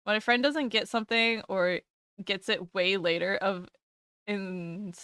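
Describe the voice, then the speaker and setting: A woman's voice: medium pitch, unhurried, bright, forceful tone, clear, resonant tone, no room sound, clean studio sound. A young woman streamer chatting casually with her live audience, giggling often and swearing freely.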